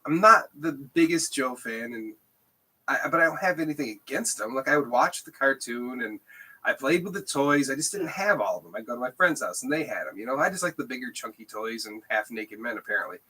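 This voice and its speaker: A man's voice: mid-range voice, expressive, brisk, sharp tone, husky. A man co-hosting a podcast, chatting casually and laughing often. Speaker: podcast co-host. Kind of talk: casual chat.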